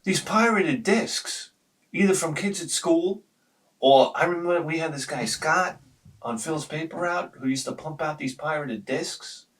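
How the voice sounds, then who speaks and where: This retro gaming host, a man in his forties, speaks a little slowly in a higher voice, picked up by a distant mic. His rambling childhood tales are full of swearing, animated energy, and his own laughter.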